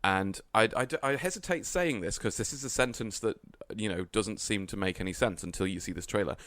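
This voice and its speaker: A man with a lowish, smooth and clear voice co-hosts a film podcast in a studio. He talks in a wry, rambling way and drifts off on tangents. The sound is close and dry. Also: fairly quick, fairly bright tone, no room sound. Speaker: podcast co-host. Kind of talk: casual film review chat.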